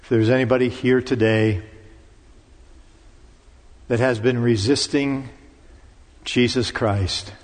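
A man's voice: mid-range voice, fairly even intonation, slow, pauses often. A man preaching a sermon in a church, with dramatic recitation that rises to commanding peaks. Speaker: pastor. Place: church sanctuary. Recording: long reverb of a church hall.

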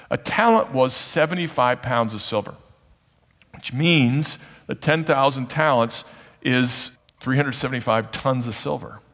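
A man's voice: medium pitch, a bit bright. Male preacher, teaching sermon, asks the room questions, voice ringing in a large hall. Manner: explanatory, asks the audience questions. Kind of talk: sermon on a parable. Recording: long reverb of a large hall.

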